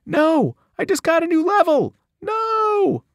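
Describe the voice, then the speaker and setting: A man doing a young satyr boy lost in a game, shrieking in a high, wildly lively voice. He shouts with frantic energy, and the voice sits dry and close with no room around it. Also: takes it slowly, dry recording, exaggerated voice. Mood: shrill protest.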